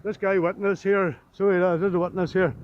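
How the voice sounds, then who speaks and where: A man with a Northern Irish accent, filming police outdoors on a street and arguing with them loudly and insistently. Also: high voice, level tone, brisk, a little hiss or hum. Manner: loud, insistent, argumentative. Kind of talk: heated confrontation with police. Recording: dull lo-fi street video audio.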